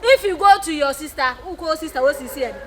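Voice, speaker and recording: A woman, playing a jealous wife who shouts at another woman in broken English. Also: high voice, lively intonation, fairly quick. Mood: shouting. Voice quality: loud, scolding, broken English. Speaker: comic actor. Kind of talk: skit acting. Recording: noisy background.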